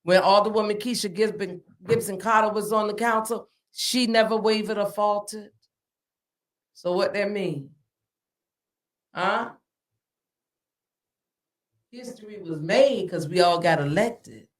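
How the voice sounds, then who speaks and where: A woman's voice: medium pitch, measured pace, long pauses. A middle-aged woman, hosting a casual podcast interview. She talks in an emphatic, preacherly way and repeats lines for stress. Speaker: alderwoman and podcast host. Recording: echoey room, far from the mic.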